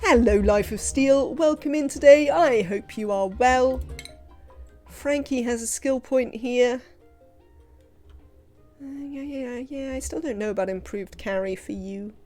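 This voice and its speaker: A woman's voice: fairly high pitch, measured pace, a little mellow, soft background music. Chatty woman streaming a game. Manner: rambling, chatty, frequent fillers. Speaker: livestreamer. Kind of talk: casual live gameplay commentary.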